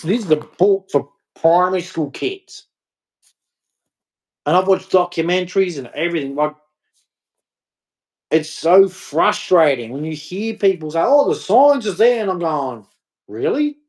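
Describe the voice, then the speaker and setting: A man ranting to camera in a scornful, mocking, rambling way. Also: on the high side. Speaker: vlogger. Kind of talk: casual rant to camera.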